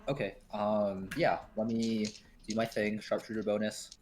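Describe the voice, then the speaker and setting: A man's voice: fairly low pitch, level tone, a little slow, a little mellow. A man playing in a tabletop game, hesitant, adding up his dice rolls aloud. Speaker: player.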